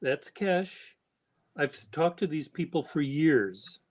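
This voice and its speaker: A man's voice: a little high, lively intonation, takes it slowly, a little mellow, low-quality recording. A man hosting a live chat stream, talking in a rambling, playful, teasing way. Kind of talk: casual livestream chat.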